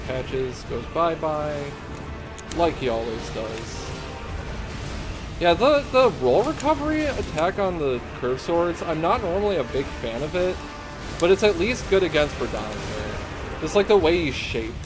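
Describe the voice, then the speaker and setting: This young man's voice is on the high side, swinging widely in pitch, and he speaks a little slowly. He's live-streaming a game, bantering casually with lots of cursing and giggling as he plays, while the game's music comes through clearly behind him.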